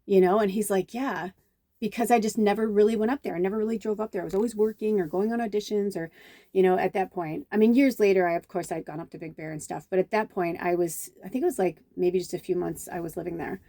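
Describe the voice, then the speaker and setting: A woman's voice: mid-range voice, quick pace, no echo. A middle-aged woman from Chicago, a spiritual medium, telling a rambling, digressive personal story in a casual vlog, swearing now and then and acting out quoted dialogue. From Chicago, USA. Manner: acts out quoted dialogue with lively reactions.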